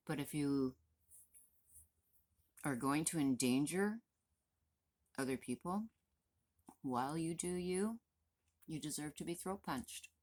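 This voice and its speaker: A woman in her fifties, a vlogger, venting to the camera in a blunt, profane, exasperated rant. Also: low voice. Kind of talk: angry direct-to-camera rant.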